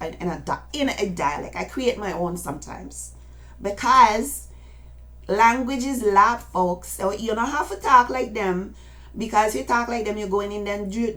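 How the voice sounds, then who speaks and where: An older woman speaking in a casual, rambling monologue, talking straight to her listeners in an insistent way. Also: medium pitch. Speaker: speaker addressing followers.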